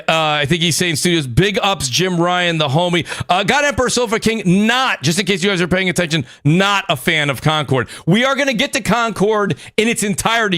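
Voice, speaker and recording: A man with a New York accent hosting a gaming podcast, hyping up guests with shout-outs and talking in loose, filler-heavy bursts. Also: sits high, no echo, studio quality. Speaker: podcast host. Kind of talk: casual panel chat.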